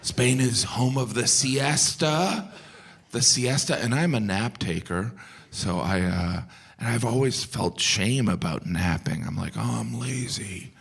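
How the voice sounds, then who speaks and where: A man's voice: slow pace, breathy edge, a faint crowd. Stand-up comedian man in an echoing hall. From United States. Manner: deadpan observational, jumps into high-pitched asides. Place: large theater before a live audience. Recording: reverberant hall with live audience noise.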